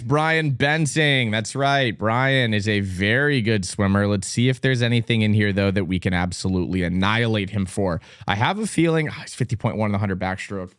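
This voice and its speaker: Clean studio audio with no room sound captures this lowish male voice. He's a young vlogger from Texas, once a competitive swimmer, who reacts on screen and teases while reading numbers aloud, often exclaiming and laughing.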